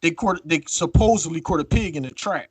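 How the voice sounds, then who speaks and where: A man co-hosting a podcast in casual chat, telling a story with lively acted-out quotes and free swearing. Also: fairly high pitch, brisk, slightly rough, no echo. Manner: animated storytelling, acts out quotes, swears freely. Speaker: podcast co-host.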